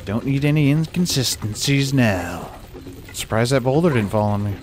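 A young man casually commenting on a video game run, sarcastic and given to yelling at characters. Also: medium pitch, normal speed, slight background noise. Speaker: gaming YouTuber. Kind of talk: casual let's-play commentary. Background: game music.

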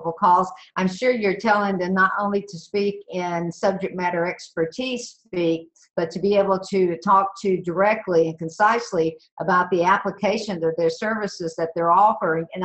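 A woman's voice: on the low side, a bit bright, low-quality recording. A woman from the Southern United States moderating a webinar, asking questions in an affirming, conversational way.

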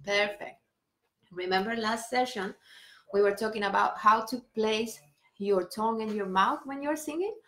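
A woman singing teacher gently guiding a vocal warm-up, step by step, with breathing cues and sung vowels. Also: mid-range voice, moderate pace, reverberant. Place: home room on a live stream.

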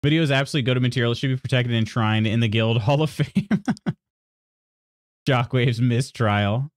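A man's voice: mid-range voice, racing, no room sound, clean studio sound. A man streaming and chatting casually with his viewers. He rambles, apologizes, restarts sentences and laughs often as he reads chat aloud.

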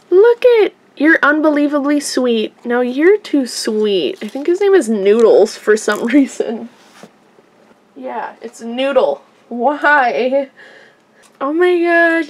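A woman unboxing toys for her vlog, chatting casually and gushing excitedly to her viewers. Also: sits high, slow, a little hiss or hum. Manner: gushing, easily excited, addresses viewers as "you guys". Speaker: toy unboxing vlogger.

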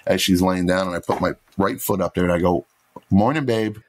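A man's voice: low-pitched, completely flat delivery, quick pace, a little mellow. A man co-hosting a podcast, telling a story in casual chat and acting out the quotes. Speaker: podcast co-host.

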